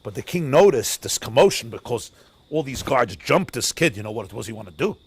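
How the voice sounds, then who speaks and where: Dramatic storytelling rabbi. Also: male voice, mid-range voice, very animated, fairly quick, vocal fry, slightly rough. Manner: dramatic, swinging between loud and hushed, Yiddish and Hebrew words mixed in. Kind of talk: sermon storytelling. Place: outdoors near a forest.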